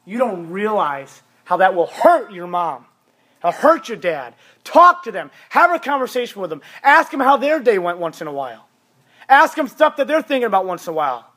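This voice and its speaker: A man's voice: sits high, big pitch swings, normal speed, bright, forceful tone. A man in his thirties preaching to teenagers, emphatic and repetitive, hammering home each point. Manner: emphatic, repeats commands for stress. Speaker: youth pastor. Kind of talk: sermon.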